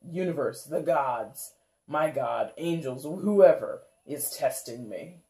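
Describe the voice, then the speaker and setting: This tarot reader gives viewers a loose, rambling reading in a warm, mellow mid-range voice, unhurried and lively in intonation. Fillers like "like" and "kinda" pile up, and frequent laughter mixes with playful impressions of viewers' reactions.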